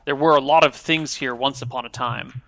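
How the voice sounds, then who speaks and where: A man runs a tabletop game with a bright, forceful voice that sits at an ordinary pitch. He narrates scenes in an easygoing, improvised way. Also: steady tone, a little fast. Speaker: game master.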